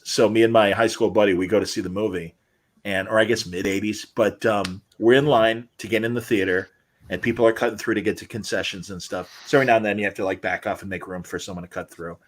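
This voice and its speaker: A man in his fifties, a podcast co-host, telling rambling anecdotes with teasing jokes in casual chat. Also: on the low side. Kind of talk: casual storytelling.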